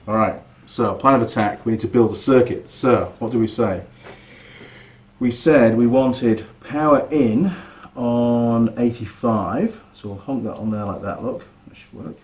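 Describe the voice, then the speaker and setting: A man's voice: mid-range voice, unhurried, darkish tone. A man hosting a mechanics channel, telling a story in casual workshop chat and swearing now and then.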